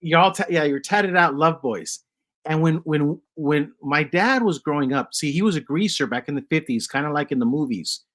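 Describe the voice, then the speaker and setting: A man's voice: a little high, normal speed, a bit bright. A man hosting a casual chat podcast, rambling through stories with lots of fillers. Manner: rambling, many fillers and restarts. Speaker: podcast host.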